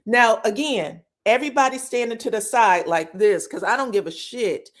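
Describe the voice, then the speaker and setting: A woman's voice: on the high side, moderate pace. A woman recapping reality TV drama in casual gossip, telling it with energy and swearing freely. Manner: animated storytelling, swears freely, acts out what others said; keeps checking in with "you know what I'm saying". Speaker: reality TV commentator.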